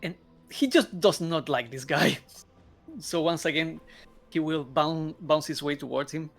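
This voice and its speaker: A man's voice: on the high side, measured pace, creaky, faint music behind. A man playing a tabletop game, describing what his character does with a chuckle. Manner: chuckling, relaxed. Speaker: player.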